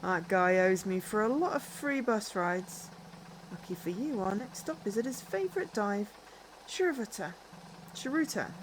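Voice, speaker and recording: A woman's voice: medium pitch, animated, measured pace, background noise, voice pushed down, natural voice. A woman voicing a pushy, impatient bus driver in a game, brusque and bossy.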